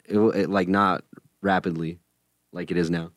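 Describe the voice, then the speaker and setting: A low-voiced man rambles through stories on a casual podcast, stopping and restarting, heavy on crude slang. The recording is dry and close. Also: flat delivery, normal speed, no echo. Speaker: podcast co-host. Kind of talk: casual group chat.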